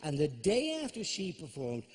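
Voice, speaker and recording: A man's voice: a little high, wildly swooping pitch, normal speed, darkish tone. A man with an Irish accent doing a stand-up routine in a theatre, telling stories as a sardonic, ranting comic. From Ireland. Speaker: stand-up comedian. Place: large theatre stage.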